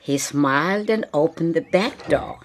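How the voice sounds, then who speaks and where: A woman narrating a children's audio story in a slow, measured way. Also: low voice, lively intonation, creaky, slight background noise.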